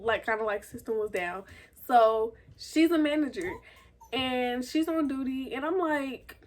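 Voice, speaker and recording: A young woman, telling a profane, animated story about a fight at work in a casual vlog. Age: teens. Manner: animated, profane, acts out quotes in a higher voice. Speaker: vlogger.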